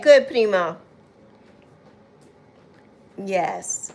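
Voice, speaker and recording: A woman's voice: a little high, expressive, slow. A woman hosting a casual livestream, greeting viewers by name and calling them "my love" and "honey". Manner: warm, chatty, calls viewers "my love" and "honey". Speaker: livestream host.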